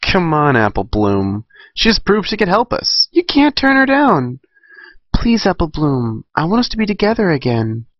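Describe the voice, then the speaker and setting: A man voicing an eager young filly who talks in a high, excited, pleading way. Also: normal speed, no room sound, dull audio.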